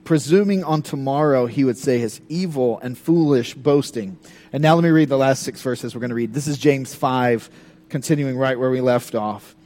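A man preaching a sermon in a conversational, animated way, breaking into dramatic scripture readings. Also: mid-range voice, normal speed. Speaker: pastor.

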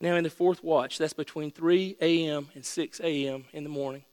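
A man preaching a sermon with playful storytelling that builds into excited shouts. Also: fairly high pitch, normal speed, clear, resonant tone. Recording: long hall reverb with mains hum.

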